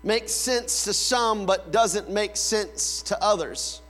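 A pastor preaching with a high voice and a slow, deliberate pace. He tells family stories and playfully imitates his kids calling out. His voice rings in a big reverberant hall over a faint mains hum. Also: fairly bright tone. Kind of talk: sermon.

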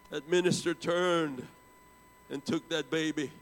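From the pulpit, a preacher in his seventies tells a story in a gravelly voice, expressive and unhurried. He swells into loud bursts, then drops to hushed low tones, with a long hall echo trailing every phrase.

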